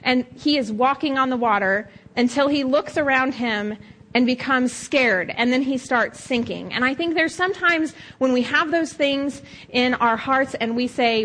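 A middle-aged woman preaching with a somewhat high voice, in a casual, storytelling manner. She slips into quoted voices as she talks. A faint hiss of background noise sits under the recording. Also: moderate pace, fairly bright tone, low-quality recording. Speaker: pastor. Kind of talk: sermon.

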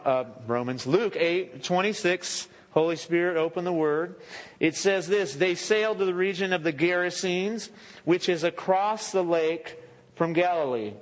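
A man preaching a sermon as pastor, speaking conversationally with joking asides and self-corrections. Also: on the high side. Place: church sanctuary. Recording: echoey church hall with long reverb.

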